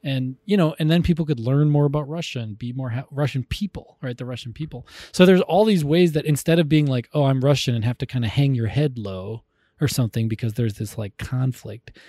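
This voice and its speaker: A man's voice: mid-range voice, a little fast, dark tone, no room sound. A man co-hosting a podcast, chatting casually, rambling and enthusiastic with frequent restarts. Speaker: podcast co-host. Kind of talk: casual chat.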